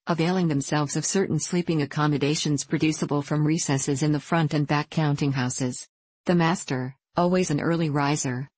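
Low-voiced woman narrating a classic novel. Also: a little mellow, no echo. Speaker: audiobook narrator.

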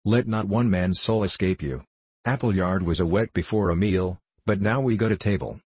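Gruff outlaw leader, storybook, low husky voice, read by a man. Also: normal speed, a little mellow. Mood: commanding. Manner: rough and commanding.

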